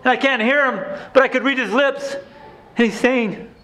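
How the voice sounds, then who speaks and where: A man's voice: very high voice, fairly even intonation, unhurried, exaggerated voice. A man playing a haunted ex-inmate. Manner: emotional, swings from hushed to shouting. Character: grown man, former abused son, intense and haunted. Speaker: stage actor playing an inmate. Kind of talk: theatrical stage monologue.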